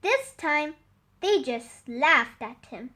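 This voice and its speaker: A woman reading a fable aloud for children in a slow, expressive, sing-song way. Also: high voice. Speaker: storyteller.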